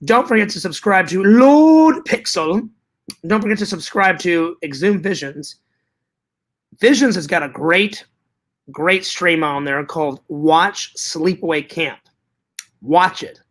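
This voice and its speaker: A man's voice: sits high, animated, slow. A man vlogging to his viewers in casual chat, hyper and rambling, with joking profanity.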